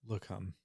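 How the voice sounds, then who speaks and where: Cryptic older lady baker with a dry, close sound, a man in the role, drops warnings. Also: dry recording. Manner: cryptic, conspiratorial. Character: older woman baker, secretive sleuth. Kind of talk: tabletop role-play.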